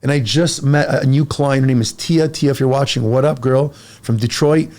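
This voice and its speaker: A fitness coach in his forties chats casually on a podcast, his medium-pitched voice at a moderate pace. He's energetic and blunt, pushing listeners with emphatic advice.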